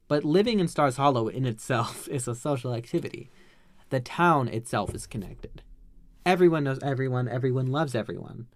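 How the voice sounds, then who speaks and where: A man's voice: medium pitch, vocal fry, no echo. A man hosting a podcast, recapping an episode in a chatty, slangy, ranting way. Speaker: podcast host.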